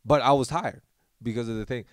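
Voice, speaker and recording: A young man, a podcast host, tells a rambling, animated story in casual chat and acts out what people said. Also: mid-range voice, fairly quick, no echo, clean studio sound.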